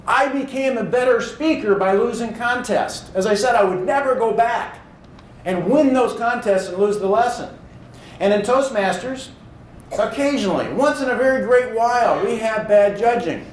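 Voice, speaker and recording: A man who speaks professionally tells a motivational story about his own career in an earnest, animated way, now and then acting out his own thoughts. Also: very high-pitched, normal speed, reverberant, slight background noise, low-quality recording.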